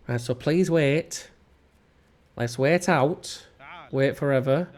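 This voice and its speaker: A man's voice: medium pitch, slow pace, long pauses, darkish tone. A man with a Northern English accent, hosting a strategy game let's play with rambling, self-mocking commentary. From England. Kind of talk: casual gameplay commentary.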